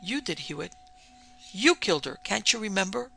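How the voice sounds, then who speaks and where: A cool, composed male murderer, read by a woman narrator in a vintage radio-style mystery, gravelly and bright in tone. He speaks with quiet, mocking calm. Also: medium pitch, moderate pace, soft background music, full character voice. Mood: coldly mocking. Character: smooth scheming male killer, calm and cold.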